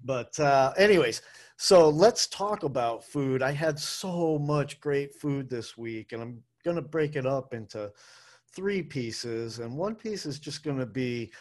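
A man's voice: medium pitch, expressive, measured pace. A man hosting a solo podcast, talking in a chatty, rambling, self-deprecating way with plenty of fillers. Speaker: podcast and radio host, food tour guide. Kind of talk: casual solo podcast monologue.

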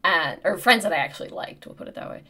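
A woman in her thirties co-hosting a podcast, telling a comic story in an animated, profane way. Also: lowish voice, fast, husky. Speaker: podcast co-host. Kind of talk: casual storytelling chat.

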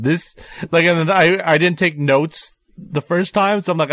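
A man co-hosting a podcast in casual review chat, talking in an excitable, rambling way. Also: on the high side, normal speed, dry recording. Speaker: podcast co-host.

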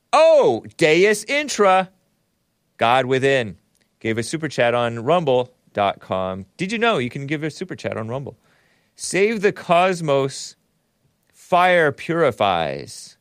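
Studio-quality audio with no echo captures a man whose medium-pitched voice sounds clear and resonant. Reading super chats on his casual solo show, he rambles with sardonic humor, cracks himself up, and spells out words one letter at a time.

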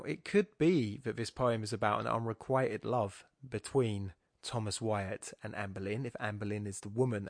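A man's voice: medium pitch, dry recording, clean studio sound. A man giving an informal, rambling talk that explains a sonnet, often correcting himself as he thinks aloud. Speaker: poetry podcast host. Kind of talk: informal spoken lecture on a sonnet.

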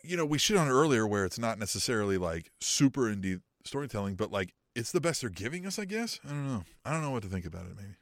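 A man co-hosting a podcast in casual chat, animated, swearing freely and acting out lines. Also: lowish voice, fast talker, hardly any pauses, dry recording, clean studio sound. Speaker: podcast co-host.

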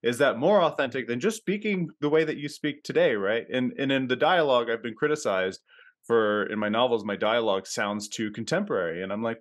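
A man co-hosting a podcast in casual talk, halting and thinking aloud with many pauses. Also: mid-range voice. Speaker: podcast co-host, novelist. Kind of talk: casual interview chat.

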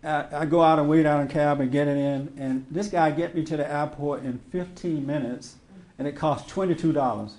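Man preaching loose and chatty, bit high voice, roomy echo. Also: brisk, darkish tone. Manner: conversational storytelling, acts out quotes, laughs often. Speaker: spiritual teacher. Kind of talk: informal sermon to a small group.

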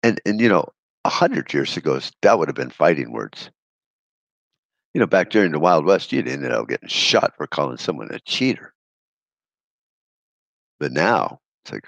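A man delivers a blunt, sarcastic podcast rant peppered with swearing. His voice is extremely low and gravelly with a rough fry. The recording is dry and close, with no room sound. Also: sing-song, normal speed, long pauses, fairly bright tone, dry recording. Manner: blunt, profane, sarcastic ranting. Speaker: podcast host.

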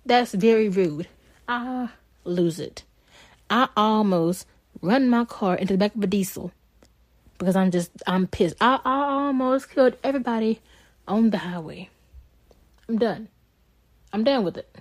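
A woman's voice: medium pitch, lively intonation, measured pace, long pauses, darkish tone, dry recording. A young woman, bluntly and heatedly telling a story on a casual podcast, swearing freely. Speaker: podcast co-host.

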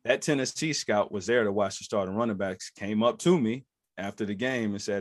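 A man's voice: on the low side, a little fast, no room sound, clean studio sound. A man in his thirties, a former football player, telling a story as a podcast guest, acting out other people's lines in raised voices. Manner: lively storyteller who acts out quotes in raised voices. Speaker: former NFL running back, podcast guest. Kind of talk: animated storytelling in an interview.

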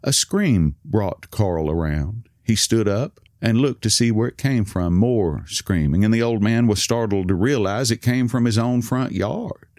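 Man, deep low voice, calm measured storytelling, scripted narration, dry close recording. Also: no room sound.

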